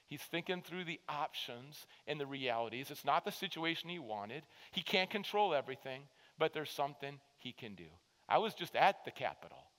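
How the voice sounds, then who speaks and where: A man preaching a sermon as pastor, building to emphatic rallying calls and dropping to hushed asides, in a church. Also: mid-range voice, big-room sound, rough recording. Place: church sanctuary.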